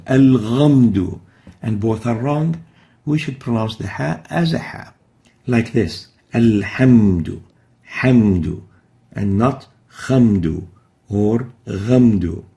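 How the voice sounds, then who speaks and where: In this recorded recitation lesson, the teacher pronounces the Arabic letters himself after going over each mistake in pronunciation step by step. He has a medium-pitched, dark-toned voice with vocal fry.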